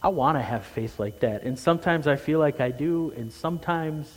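A male pastor preaches earnestly, surging louder and faster to stress points before sinking back to a low, quiet tone. The recording, made in a church sanctuary, carries a long hall reverb.

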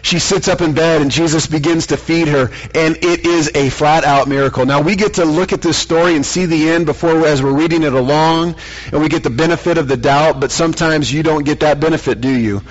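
A man preaching a sermon, telling a story and slowing down for dramatic emphasis. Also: a little high, fairly even intonation. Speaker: pastor. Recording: dull lo-fi sound.

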